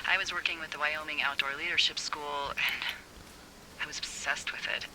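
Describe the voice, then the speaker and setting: An actress voicing a witty, teasing woman fire lookout boss on a radio in a video game, with a breathy voice and playful banter. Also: deep voice, fairly even intonation, moderate pace, crowd noise, natural voice, rough recording. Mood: confiding.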